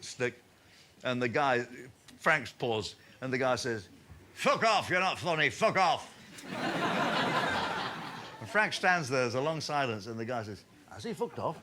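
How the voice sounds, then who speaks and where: Comedian guy, bright voice, pitch jumping all over, chatty storytelling with laughs. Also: slight background noise. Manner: lively storytelling punctuated by laughter. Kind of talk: anecdotal stage talk.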